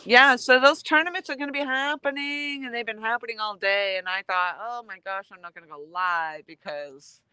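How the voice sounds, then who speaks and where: A woman's voice: fairly high pitch, normal speed, hardly any pauses, sharp tone, smooth, no echo. A woman hosting a casual live stream outdoors while fishing, chatting and thanking viewers by name. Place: outdoors, fishing in freezing cold.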